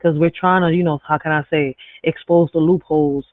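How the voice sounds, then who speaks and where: A man's voice: on the high side, fairly even intonation, fairly quick, no echo. Man reading poetry on a tinny live. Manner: asks rhetorical questions, adds "right?" after his points. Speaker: host of a live stream. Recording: dry tinny phone-like sound.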